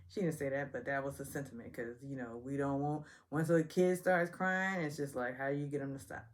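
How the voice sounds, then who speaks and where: Low-voiced sassy woman recapping TV. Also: brisk, few pauses. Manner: chatty, sassy, self-deprecating about stumbles. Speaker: reality TV recap host. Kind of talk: casual episode review.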